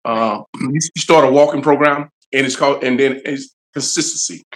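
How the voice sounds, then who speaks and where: A man's voice: mid-range voice, fairly even intonation, moderate pace, fairly bright tone. A man, a fitness trainer guest, giving blunt, motivating advice in a casual interview. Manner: blunt, motivating, plain-spoken.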